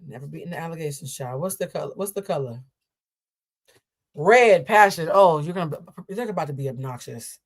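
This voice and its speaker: Deep-voiced and expressive, this woman reads tarot cards live at a fairly quick clip. She's a sassy, playful stream host who chats casually, answers viewers' messages, and calls them "child."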